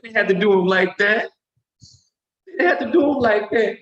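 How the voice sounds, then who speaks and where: A man voicing a grieving middle-aged mother who wails in a high falsetto. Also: animated, moderate pace, a bit bright, lo-fi sound. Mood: wailing. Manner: shrieking, high falsetto wail. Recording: roomy echo.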